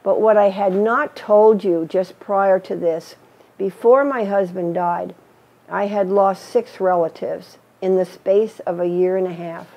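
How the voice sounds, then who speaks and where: A woman's voice: medium pitch, fairly even intonation, a little slow, lo-fi sound. An older woman telling her personal faith story in an earnest, storytelling way, acting out the voices she quotes. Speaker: missionary teacher. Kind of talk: personal testimony.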